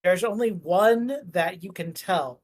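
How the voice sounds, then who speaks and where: A man's voice: high voice, a little slow. Rambling male game master. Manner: rambling, filler-heavy, jokey. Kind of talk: narrating a tabletop game.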